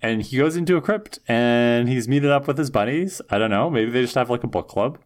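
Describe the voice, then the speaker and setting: A man's voice: medium pitch, a little fast. A man co-hosting a podcast, recapping an episode in casual chat with wry, rambling asides. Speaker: podcast co-host.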